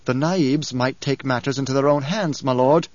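A man's voice: moderate pace, darkish tone, no echo, natural voice. A man voicing a fanatical male advisor who talks in an insistent, pleading manner. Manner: pleading, insistent, higher-pitched. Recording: dull lo-fi audiobook recording.

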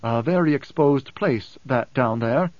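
A man playing a calm, coolly amused man. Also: medium pitch, dry recording, lo-fi sound, lightly acted. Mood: composed. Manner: measured, unhurried, deliberate. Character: calm, cool-headed man, dryly amused. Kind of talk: audiobook character reading.

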